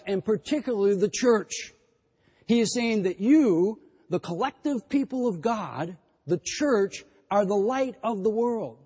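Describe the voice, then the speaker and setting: Emphatic preacher with a high, husky voice. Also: male voice, in a large hall. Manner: emphatic, repetitive, building to forceful declarations. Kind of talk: sermon.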